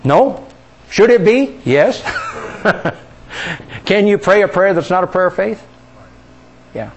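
A man's voice: lively intonation, takes it slowly, dull audio. Call-and-response preaching man. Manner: questioning the congregation, drawing call-and-response; drops soft and low on key words. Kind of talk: sermon.

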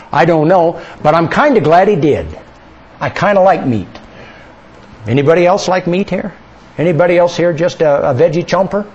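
Man preaching, high-pitched voice, muffled lo-fi recording, asks the congregation questions. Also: a little mellow. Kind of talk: sermon. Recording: dull lo-fi sermon recording.

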